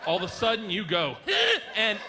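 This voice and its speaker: A male comedian doing a stand-up set on a club stage. He talks loud and animated and laughs through his own lines. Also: sits high, moderate pace, noisy background.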